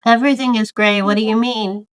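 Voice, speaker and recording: A woman's voice: on the high side, steady tone, fairly quick, no room sound, clean studio sound. A woman playing in a tabletop game, asking playful questions in a casual way. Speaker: player.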